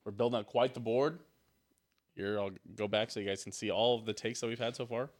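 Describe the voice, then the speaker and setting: A man's voice: fairly low pitch, steady tone, a little fast. A man co-hosting a sports podcast in loose, joking chat, swearing freely. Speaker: podcast co-host.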